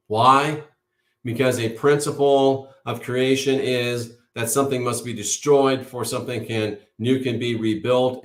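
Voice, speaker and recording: An emphatic, preachy man in an echoey room. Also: medium pitch. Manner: emphatic, with insistent repetition; preachy, declaring things as certain. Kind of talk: impassioned monologue to a live audience. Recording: roomy echo.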